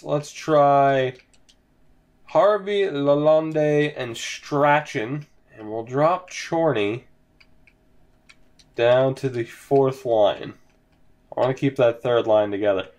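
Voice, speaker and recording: A young man casually commentating his hockey video game franchise at home, sighing, yawning and sounding resigned as his team loses. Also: medium pitch. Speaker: gaming commentator. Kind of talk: casual let's-play commentary.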